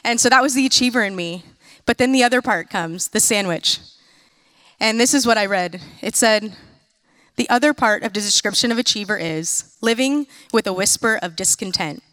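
A woman in her thirties from the United States giving a sermon-style talk, telling lively, self-mocking personal stories with quick asides. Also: medium pitch, dry recording. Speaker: speaker.

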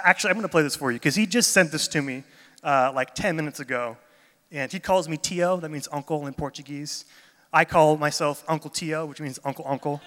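A man's voice: fairly high pitch, sharp tone. A man speaking as a pastor in a church gathering, chatty and enthusiastic in his storytelling, a little jet lagged. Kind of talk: casual sermon talk. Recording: long reverb of a large hall.

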